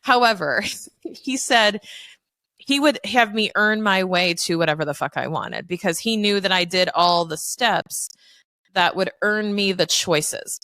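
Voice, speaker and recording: A woman's voice: medium pitch, unhurried, pushed and bright, no echo. A woman guest on a podcast, telling her story in a frank, candid way, swearing freely and acting out quoted voices. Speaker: podcast guest, accountant and business owner. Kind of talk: casual storytelling interview.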